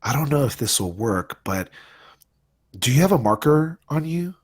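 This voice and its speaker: A man's voice: medium pitch, big pitch swings, moderate pace, husky. A man playing a tabletop role-playing game, proposing plans and slipping in puns. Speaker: player. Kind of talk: casual tabletop role-play.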